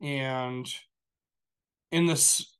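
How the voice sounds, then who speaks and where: A man's voice: mid-range voice, steady tone, extremely slow, a bit bright, smooth. A man talking casually on a show, telling a long story in a rambling, profane way full of fillers. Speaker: show regular. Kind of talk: casual chat.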